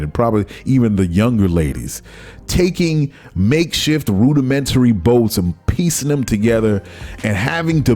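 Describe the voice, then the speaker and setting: A man's voice: mid-range voice, a little mellow. A man hosting a solo commentary show, talking in a heated, ranting way full of rhetorical questions. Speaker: podcast host.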